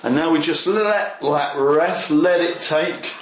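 A man's voice: on the high side, takes it slowly, roomy sound, a little hiss or hum, poor audio. A man hosting a model railway tutorial, chatting eagerly to the viewer as he works through a hands-on craft demonstration. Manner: chatty and enthusiastic, talks to the viewer.

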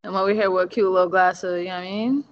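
A woman's voice: lowish voice, steady tone, racing. A woman contestant in a casual game, laid-back and joking. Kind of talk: casual chat. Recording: dull, muffled sound.

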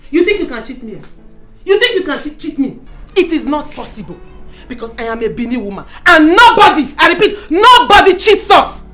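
A woman's voice: on the high side, sing-song, fairly quick, soft background music. A fiery Nigerian mother. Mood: furious. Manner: loud, scolding, repeats herself. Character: fiery Bini mother, loud and scolding. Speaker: mother demanding bride price. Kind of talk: film drama acting.

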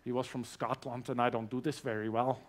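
A man with a German accent giving a personal testimony in a church service, earnest and growing animated as his story builds. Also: medium pitch, fairly quick. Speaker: guest speaker sharing his testimony.

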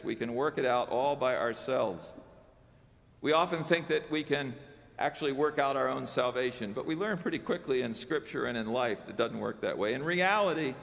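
A man's voice: mid-range voice, creaky, a bit bright. A male pastor giving a sermon in a conversational way, turning to the congregation with asides. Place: church sanctuary. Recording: long church reverb.

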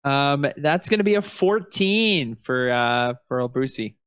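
A man playing a tabletop game, talking in a relaxed, hesitant way. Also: mid-range voice, unhurried, clear, resonant tone, dry recording. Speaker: player. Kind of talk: casual tabletop play.

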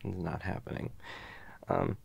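A man's voice: low-pitched, level tone, a little slow, gravelly, slightly rough. Goofy young man in whispered role-play. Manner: goofy, playful and silly, with soft tender asides. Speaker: ASMR boyfriend role-play host.

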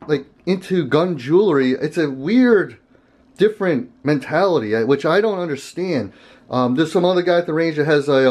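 A man's voice: a little high, a little mellow. A man hosting a casual gun vlog, talking to camera in a rambling, conversational way and chuckling often. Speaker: gun channel host.

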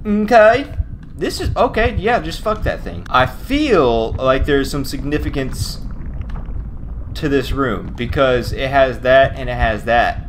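A gaming YouTuber gives loose, profane commentary while playing a horror game, excitable and swearing a lot, often yelping and laughing when startled. His voice is medium-pitched and slow, with a little hiss or hum in the recording.

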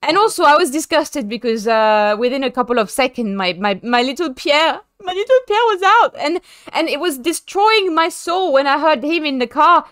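A woman's voice: sits high, expressive, moderate pace, a bit bright, no echo, clean studio sound. A young woman with a French accent chatting casually with her chat while sim racing, self-mocking and given to dramatic voiced asides. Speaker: streamer.

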